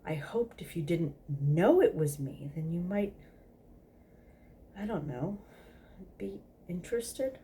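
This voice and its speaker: A woman's voice: on the low side, animated, unhurried, long pauses, dark tone, a little hiss or hum. A woman voicing a flustered, prim male angel who is fussy and easily offended, with a huffy, fluttery way of speaking.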